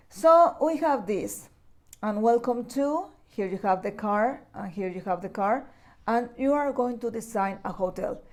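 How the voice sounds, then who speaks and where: A woman teaches English to young children in a recorded lesson. She speaks at an unhurried pace in a medium-pitched voice. She keeps repeating key words and checking in with the class. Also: darkish tone. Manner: slow, patient, repeats key words with frequent "okay?" checks. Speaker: primary school English teacher.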